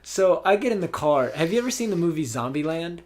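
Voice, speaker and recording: A man's voice: a little high, lively intonation, fairly quick, a little mellow. Rambling young man telling a story. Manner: rambling, with many fillers and restarts. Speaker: podcast host. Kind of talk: casual storytelling chat. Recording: voice call.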